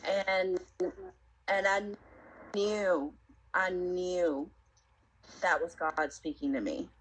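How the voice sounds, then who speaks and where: A woman's voice: fairly low pitch, steady tone, extremely slow, a bit bright, poor audio. Earnest woman telling her testimony. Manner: earnest, reflective storytelling with many fillers. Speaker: guest sharing her testimony. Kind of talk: personal testimony interview.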